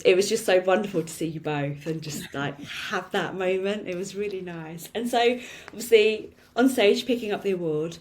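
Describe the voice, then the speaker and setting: Woman podcast host, lower voice, chatty and encouraging questions. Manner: warm-hearted praise, chatty questions. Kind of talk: podcast interview.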